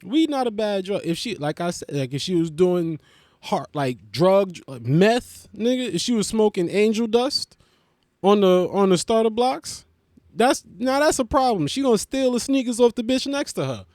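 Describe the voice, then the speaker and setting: A man with a slightly higher voice rambles through comic stories, cursing freely and slipping into quick put-on voices for the jokes. The sound is dry and close, with no room around it. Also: expressive, darkish tone, dry recording. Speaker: comedian host. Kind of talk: comedic monologue.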